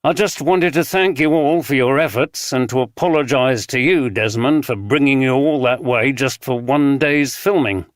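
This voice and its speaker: A man's voice: mid-range voice, normal speed, hardly any pauses, no room sound, clean studio sound, lightly acted. A male narrator voicing a dejected film director who speaks earnestly, with a bitter edge.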